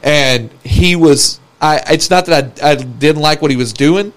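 A man's voice: fairly high pitch, a little slow. A man from the American South co-hosting a casual reaction chat, blunt and swearing freely as he tells stories. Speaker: podcast co-host.

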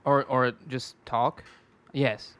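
A man co-hosting a podcast, speaking in a dry, deadpan way. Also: medium pitch, takes it slowly, clean tone. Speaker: podcast co-host. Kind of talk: casual chat.

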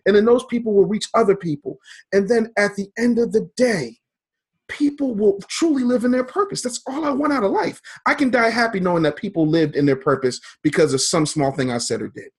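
A man's voice: high voice, a little fast, husky. A man, a business coach, talking fervently in an interview, building points in preacher-like repeated phrases. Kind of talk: motivational interview talk.

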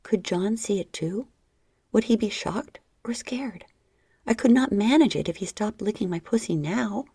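Woman reading a story, low gravelly warm voice, breathy, super dry close mic. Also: expressive, moderate pace, no room sound. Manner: low, breathy, half-whispered intimate delivery. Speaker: narrator. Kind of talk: intimate first-person story reading.

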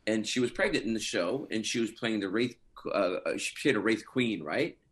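Funny behind-the-scenes anecdotes come from a middle-aged guest actor speaking in a fairly low voice at an ordinary speed. He sounds casual and animated, with chuckles throughout.

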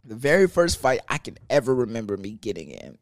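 A man's voice: mid-range voice, a little fast, no echo, studio quality. A young man from Texas, telling a casual, profane and joking story about his work. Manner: profane, animated, ranting and joking. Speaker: storyteller vlogger.

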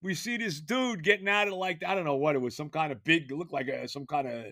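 An older man, telling a rambling, animated story on his podcast, full of fillers and restarts. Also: a little high, quick pace, dry recording, clean studio sound. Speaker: podcast host. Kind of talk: casual storytelling monologue.

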